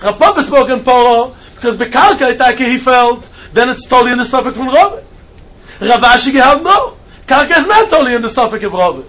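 A man giving an animated Talmud class lecture, mixing Hebrew and Yiddish terms into his English. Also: very high voice. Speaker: Talmud teacher. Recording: dull lo-fi recording with faint noise.

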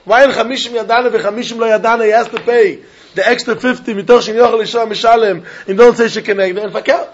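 Man with a Yiddish-inflected English accent, Talmud teacher, high husky voice, sing-song cadence, muffled lo-fi recording. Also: fast. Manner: animated sing-song learning cadence, mixing Yiddish and Hebrew. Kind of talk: Talmud lecture.

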